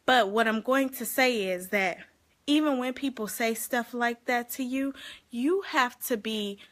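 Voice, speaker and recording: A woman vlogging casually to her viewers, giving life advice in an animated, chatty way and laughing often. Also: on the high side, measured pace. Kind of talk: casual talk to camera.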